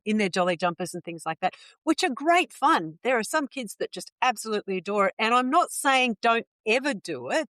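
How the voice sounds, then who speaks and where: A woman's voice: a little high, lively intonation, fairly quick, hardly any pauses, fairly bright tone, dry recording. A woman, a neurodevelopment specialist and podcast guest, explaining child development in a casual, advising way.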